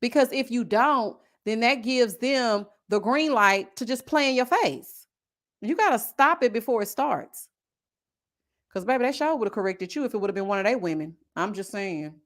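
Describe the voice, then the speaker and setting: A reality TV review host with a Southern US accent runs a laid-back live stream at her home desk mic, answering viewer comments with animated, sassy quips. She speaks at a normal speed in a slightly high voice.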